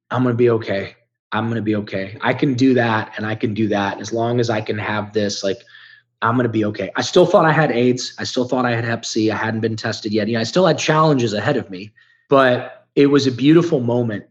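A man's voice: medium pitch, dull audio. A man in his fifties from Ohio, telling his recovery story as a podcast guest in a candid, emotional and profane way. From Ohio, United States. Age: 50s.

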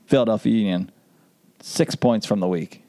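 Male podcast host, low and warm, easygoing banter, runs the show. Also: moderate pace. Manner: upbeat, joking, leads the segments. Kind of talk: casual sports podcast chat.

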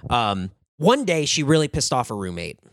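A man's voice: mid-range voice, moderate pace, dry recording, clean studio sound. A man in his thirties co-hosting a podcast, telling stories in a rambling, casual way full of "like". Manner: rambling, lots of "like", animated retelling with laughs. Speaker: podcast co-host. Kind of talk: casual storytelling chat.

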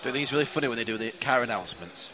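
A man co-hosting a casual football podcast, teasing and quick with banter. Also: mid-range voice, animated. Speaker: podcast co-host. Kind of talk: casual chat.

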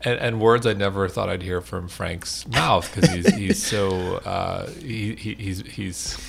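A man's voice: sits low, measured pace, creaky, crowd noise. A man hosting a podcast interview, casual and jokey, laughing often. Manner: jokey, laughs often, acts out quoted lines. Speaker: podcast host.

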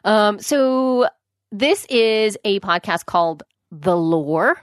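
A woman co-hosting a podcast in casual chat, chatty and excitable, often saying "dude". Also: mid-range voice, slow pace, clean tone, no echo, clean studio sound. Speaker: podcast co-host.

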